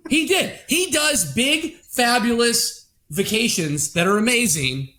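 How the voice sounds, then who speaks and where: Bright, playful man joking around. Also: very high-pitched, lively intonation, slow. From Oklahoma. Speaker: podcast co-host. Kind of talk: casual podcast chat.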